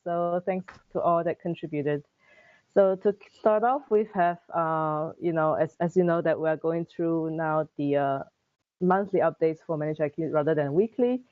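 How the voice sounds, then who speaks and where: A woman's voice: deep voice, normal speed, no echo. Woman giving a chatty update, tinny line. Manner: friendly, chatty, laughs easily, some restarts. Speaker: community manager giving an update. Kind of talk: casual meeting update. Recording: dry, thin phone-like call audio.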